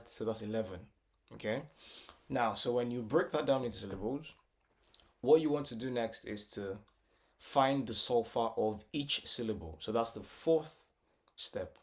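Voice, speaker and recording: This is a medium-pitched male voice at a measured pace, leading a relaxed music lesson. His explanations go step by step, full of repetition and filler words, and he sometimes slips into singing short bits.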